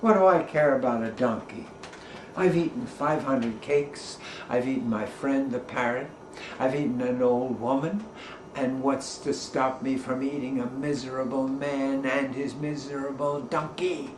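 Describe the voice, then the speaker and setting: A man's voice: medium pitch, steady tone, measured pace, background noise, natural voice. A man voicing a boastful, greedy male cat in a storybook tale, in a smug, bragging manner. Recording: roomy echo.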